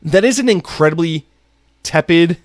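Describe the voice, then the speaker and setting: A man's voice: on the high side, expressive, moderate pace, no echo, clean studio sound. A man hosting a solo podcast, from the United States, ranting angrily with heavy profanity. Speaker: podcast host.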